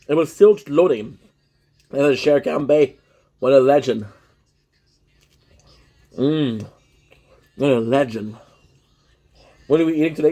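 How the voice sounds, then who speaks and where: A man's voice: on the high side, dark tone. A young man with a Québécois accent, chatting casually on a livestream while eating, switching between French and English and greeting viewers.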